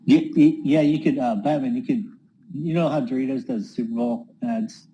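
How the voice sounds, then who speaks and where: A man in casual group chat on an audio call, making suggestions in a hesitant, halting way. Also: medium pitch, mellow, poor audio. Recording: faint background noise.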